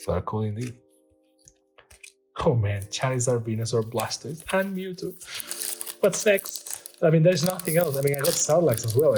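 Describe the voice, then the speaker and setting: A middle-aged man hosting a casual card-pack opening, rambling and excitable, stopping often to read the card text aloud. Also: mid-range voice, slight background noise. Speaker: channel host opening card packs. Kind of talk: casual unboxing chat.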